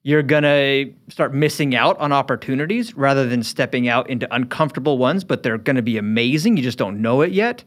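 A man on a casual studio podcast, earnest and opinionated, thinking out loud as he talks. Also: mid-range voice, a little fast, hardly any pauses. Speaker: podcast co-host. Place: recording studio.

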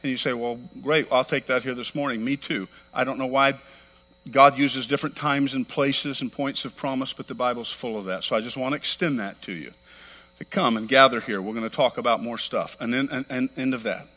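A middle-aged man preaching a sermon as pastor, fervent and emphatic, talking rapidly and repeating phrases for weight. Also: medium pitch, sharp tone. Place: church sanctuary. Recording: long hall reverb.

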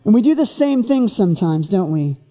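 A preacher giving a sermon, who retells the story in an animated way and keeps asking the listeners rhetorical questions. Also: mid-range voice, fairly quick, in a large hall, faint music behind.

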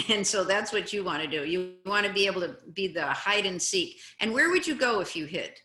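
A woman guest speaking in a casual interview over a video call, telling stories with expressive emphasis. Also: mid-range voice, fairly quick. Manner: expressive, warm storytelling with animated emphasis. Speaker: guest, anti-bullying advocate. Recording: roomy, echoey room sound.

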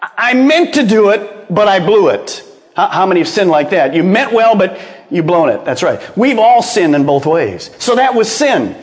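A man preaching a sermon as pastor, animated, asking rhetorical questions and dropping to hushed low tones. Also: moderate pace, long reverb tail. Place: church sanctuary.

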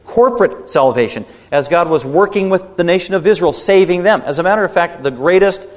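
A man's voice: sits high, lively intonation, brisk. A man preaching a sermon in an emphatic style, his stresses rising and swelling. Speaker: pastor. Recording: long hall reverb.

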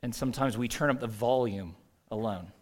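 A man's voice: medium pitch, brisk. A man delivering a sermon as a pastor, conversational, asking rhetorical questions and reading scripture aloud.

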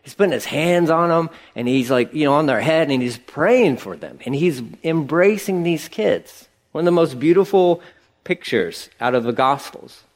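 A middle-aged man preaches with an emphatic, conversational delivery, his voice fairly high for a man. His pitch jumps up sharply when he drives a point home. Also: animated, normal speed. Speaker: pastor. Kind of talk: sermon.

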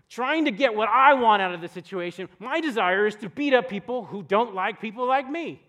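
A young adult man, a pastor, preaches a sermon for a church podcast recording. His voice sits high with a fairly bright tone, and he speaks conversationally, telling stories and posing many rhetorical questions.

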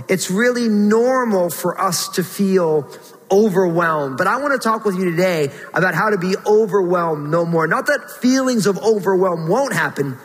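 A man preaching a sermon, earnest and pleading, rising in pitch when he voices prayers. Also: fairly bright tone, long reverb tail, poor audio. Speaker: pastor.

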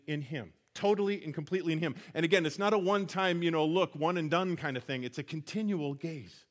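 A man preaching a sermon, retelling scripture stories in an earnest, conversational way with frequent restarts. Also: high-pitched. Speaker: pastor.

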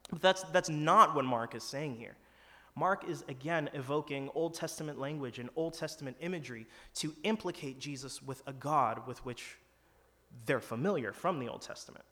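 A man's voice: fairly high pitch, moderate pace, fairly bright tone. A man preaching a sermon in an earnest, conversational way, acting out quoted lines with some drama. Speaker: pastor. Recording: long hall reverb.

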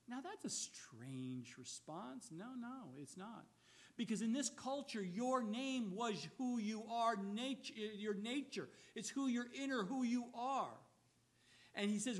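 A male pastor preaching a sermon in a church, telling the story dramatically and swinging between loud emphatic bursts and quiet low asides. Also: animated, unhurried.

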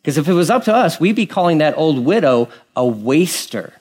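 A man delivers a sermon in an animated style. His slightly high voice rises and falls widely as he acts out quoted characters, then drops to hushed, earnest lines. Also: moderate pace, few pauses. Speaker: pastor.

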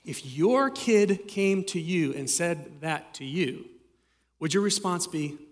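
Slightly high-voiced man preaching in a hall. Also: lively intonation, slow. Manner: conversational preaching with dramatic readings. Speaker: pastor. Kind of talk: sermon.

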